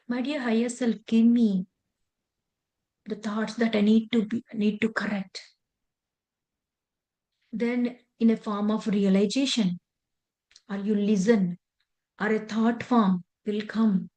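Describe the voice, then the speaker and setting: A woman teaches meditation earnestly and conversationally, with loose grammar, weaving a personal story into her spiritual lesson. Her voice is medium-pitched with a darkish tone.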